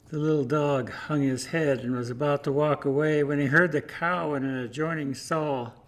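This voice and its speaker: A man preaching a sermon, telling a story in a measured, rhythmic way. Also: fairly high pitch, steady tone, fairly bright tone. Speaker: pastor.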